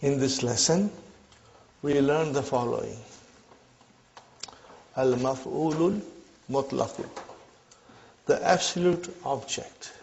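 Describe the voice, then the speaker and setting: Slow, gravelly male Arabic teacher. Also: mid-range voice, darkish tone, a little hiss or hum. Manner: slow, repetitive, checks in with listeners. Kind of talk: classroom lecture. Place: classroom. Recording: dull lo-fi recording.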